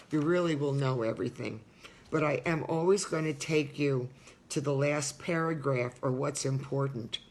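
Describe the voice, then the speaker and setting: A woman's voice: a bass voice, darkish tone. An older woman reads her memoir aloud in a sincere, personal tone. She breaks off now and then to talk straight to her listeners, and she marks every bit of dialogue by saying quote and end quote. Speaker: memoir author reading her book. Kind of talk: reading a personal memoir aloud with spoken asides.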